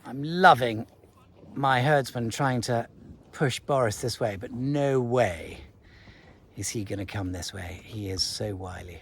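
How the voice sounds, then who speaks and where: A farmer vlogs from his land and a livestock market, chatting casually to the camera while urging his cattle along. His voice is medium-pitched and unhurried with a fairly bright tone, and there's a little hiss or hum in the background.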